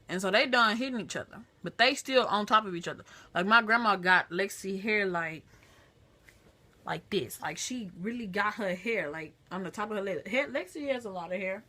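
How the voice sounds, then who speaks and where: A woman vlogger talks to her phone camera, retelling a family story in a lively, chatty way. Her voice is mid-range and her pace moderate.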